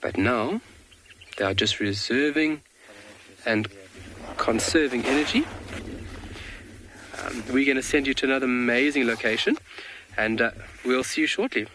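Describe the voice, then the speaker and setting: A man's voice: mid-range voice, moderate pace, long pauses, a bit bright, a little hiss or hum. A man guiding a live safari broadcast outdoors, answering viewer questions in a friendly, explanatory way. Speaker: safari guide. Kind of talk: live wildlife commentary.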